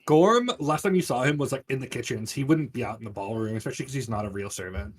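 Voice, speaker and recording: A man narrating as game master in a tabletop game, laid-back, breaking into loud shouted voices for the characters. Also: mid-range voice, fast talker, slightly rough.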